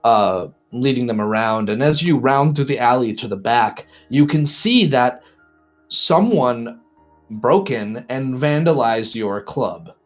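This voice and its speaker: A man's voice: mid-range voice, animated, takes it slowly, soft background music. A man narrating a tabletop role-play as game master, describing scenes with restarts and self-deprecating asides.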